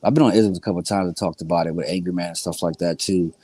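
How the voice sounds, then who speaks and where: A man speaking as a guest on a livestream panel, relaxed and rambling, full of fillers. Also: deep voice, rapid-fire, breathy edge. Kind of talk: casual chat.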